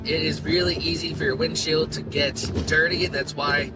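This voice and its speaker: A travel vlogger talks casually from his car while driving on a road trip, chatty and rambling, full of fillers. His fairly high voice stays steady at normal speed, with loud music behind it, captured on a handheld camera in the car.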